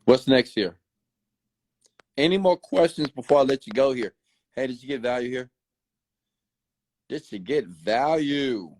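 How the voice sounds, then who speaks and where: A man delivering a late-night motivational rant, preachy and repetitive, now and then jumping high to mimic other people. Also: unhurried, pauses often, dry recording. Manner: animated, mimics other people with sudden high-pitched outbursts; preachy, repeats phrases for emphasis. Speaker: motivational host. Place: Houston.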